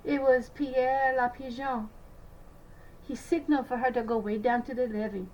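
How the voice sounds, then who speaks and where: Teacher lady reading a picture book out loud, high voice, trips on the french bits. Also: moderate pace, highs cut off, a little hiss or hum. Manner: expressive, stumbles on French words.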